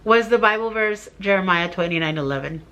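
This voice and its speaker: A middle-aged woman shares a heartfelt personal story with her viewers, her voice tearful as she goes. She rambles with fillers in a mid-pitched, casual way, speaking straight to camera. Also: brisk, a bit bright. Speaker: vlogger.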